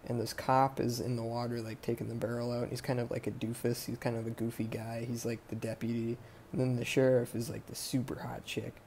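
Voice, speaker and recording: A man's voice: medium pitch, little pitch movement, a little fast, creaky, darkish tone, a little hiss or hum. A man hosting a podcast who recaps a movie in a casual, rambling way, swearing freely and wandering off track. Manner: rambling, profane, sidetracked. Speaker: podcast host.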